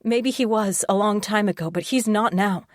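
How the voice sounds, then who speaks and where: A woman's voice: medium pitch, normal speed, dry recording, studio quality, pitched above the performer's own voice, close to an everyday voice. Woman voicing a defiant young captive heroine. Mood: pleading. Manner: sharp, defiant, frightened.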